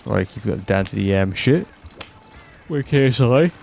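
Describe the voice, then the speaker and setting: Gravelly, swearing Scottish man ranting. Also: on the low side, lively intonation, normal speed, darkish tone, a little hiss or hum. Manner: blunt, heavy swearing, rambling; exasperated, fed-up. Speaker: podcast host. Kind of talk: casual ranting monologue.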